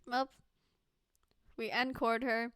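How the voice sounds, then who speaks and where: A woman's voice: on the high side, level tone, slow pace, a bit bright, clean tone, no echo, clean studio sound. A woman streamer giving casual, playful commentary while she plays a game, joking and laughing often.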